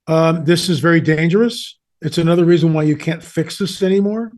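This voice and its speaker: This older man, an author on the supernatural, appears as a guest on an interview show, telling stories casually with rambling asides and restarts. His voice sits on the high side, a little fast and a little mellow.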